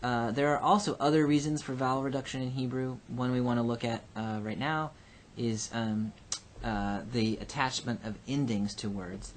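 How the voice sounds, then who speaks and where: A man teaching a recorded Hebrew grammar lesson. He explains patiently and slowly, with frequent ums and uhs. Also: medium pitch, steady tone, a little hiss or hum. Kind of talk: recorded lecture.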